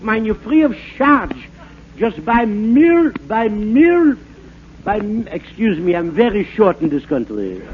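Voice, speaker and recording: An actor playing a bumbling fake French professor, in rambling, stammering comic patter for a 1940s radio comedy. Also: male voice, sits high. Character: bumbling fake French professor, fast-talking huckster man. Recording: narrow-band scratchy 1940s radio broadcast.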